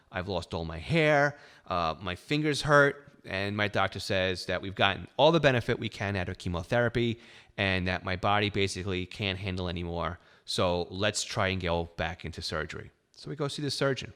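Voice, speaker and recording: A man's voice: lowish voice, a bit bright. A middle-aged man hosting a podcast, telling his own story in a candid, wry way with self-deprecating humor. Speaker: podcast host. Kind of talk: personal storytelling monologue.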